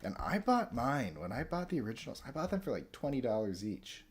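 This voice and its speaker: A man on a casual game livestream rambles through stories and answers chat. He fills his talk with ums and restarts. His pitch swings up and down in a lively way. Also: a little fast, breathy edge.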